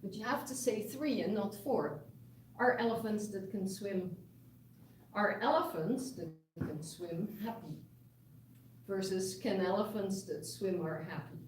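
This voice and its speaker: A woman's voice: mid-range voice, measured pace, slight background noise. A woman giving a university linguistics lecture, explaining patiently with examples and frequent restarts. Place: lecture room. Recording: echoey room, mic far off.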